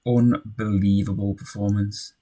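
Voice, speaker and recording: A young man casually commentating on his own football management game, cheering and shouting at goals and muttering in tense moments. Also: lowish voice, little pitch movement, measured pace.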